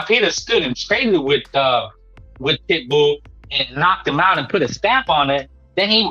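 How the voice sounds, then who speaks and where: High-voiced man ranting about boxing. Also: pushed and bright, dull audio. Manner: emphatic and preachy, repeats himself, peppers lines with "man". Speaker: boxing talk show host. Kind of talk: casual boxing commentary monologue.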